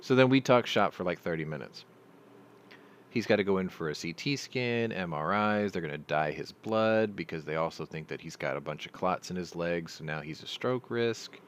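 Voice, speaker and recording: Middle-aged male chat host with a very low voice and a rambling, profane storytelling style. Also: animated, normal speed, slight background noise. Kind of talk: casual live chat.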